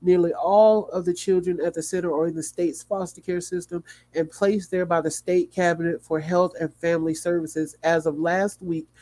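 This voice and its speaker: A sleepy, yawning man reads a news article aloud to his livestream audience. His voice sits a little high but sounds mellow and soft-edged. He stumbles now and then and breaks off for quick asides. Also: fairly even intonation. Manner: reads haltingly with small slips and asides. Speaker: livestream host.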